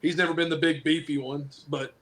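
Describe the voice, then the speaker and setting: A man's voice: a little high, fairly even intonation, brisk, fairly bright tone. A man who wrestles professionally and coaches football, chatting casually on a podcast, rambling and joking while he hands out blunt advice.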